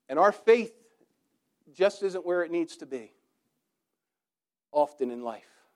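A man's voice: a little high, darkish tone. A man preaching a sermon, asking the congregation rhetorical questions and building his points through repeated, rhythmic phrases.

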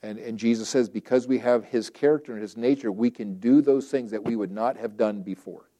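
A man's voice: mid-range voice, a little fast, warm tone. A man preaching a sermon in a conversational way, acting out quoted prayers and objections and often restarting phrases.

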